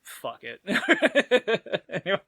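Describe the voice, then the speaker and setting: A man's voice: high-pitched, wildly swooping pitch, extremely slow, a bit bright, husky. A man co-hosting a casual podcast chat, rambling, swearing freely and laughing often. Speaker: podcast co-host.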